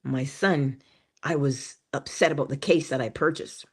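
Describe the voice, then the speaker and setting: An extremely low-pitched, husky female voice at a moderate pace leads a morning inspiration stream. Her motivational talk is animated and emphatic, with laughter, whispered key phrases, and small acted-out scenes.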